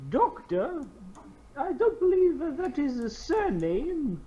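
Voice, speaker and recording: Guy playing a fussy old professor, polite and formal, stammers a lot, lively up and down voice. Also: very high voice, takes it slowly, muffled recording, exaggerated voice. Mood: flustered. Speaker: player.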